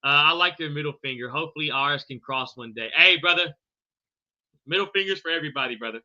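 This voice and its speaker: A man's voice: a little high, fast, bright, forceful tone, dull audio. A man hosting a live podcast, answering viewer chat in a loose, profane way and calling everyone bro and brother. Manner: fumbles unfamiliar names. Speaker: podcast host.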